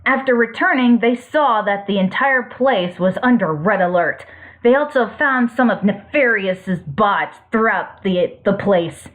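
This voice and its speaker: A woman reading a fan-fiction story aloud in a plain, steady way. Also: medium pitch, measured pace. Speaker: story reader. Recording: tinny phone-like audio.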